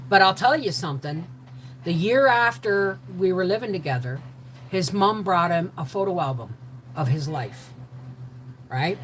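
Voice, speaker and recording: An older woman telling a personal story in an animated way, acting out the voices of the people in it. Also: lowish voice, a little hiss or hum, rough recording. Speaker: host.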